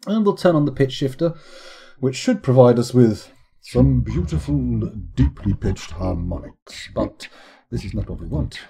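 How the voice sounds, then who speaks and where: A playful man chats loosely on a live stream, wandering off on tangents and humming out sound effects. His pitch bounces around a lot, and the voice is mellow with a husky edge. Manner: playful, rambling, makes vocal sound effects. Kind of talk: casual live-stream chat.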